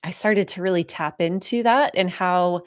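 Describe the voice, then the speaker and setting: A woman with a slightly low voice giving a live spiritual talk to viewers. She speaks softly and slowly, pausing often, heartfelt and close to tears. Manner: soft, heartfelt, slow and reflective with pauses. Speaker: spiritual channeler answering viewer questions.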